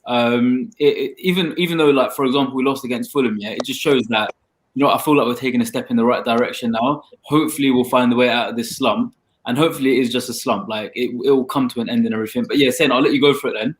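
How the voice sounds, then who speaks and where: A man's voice: mid-range voice, steady tone, fast. A man co-hosting a football chat, casual and slangy. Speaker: football podcast co-host.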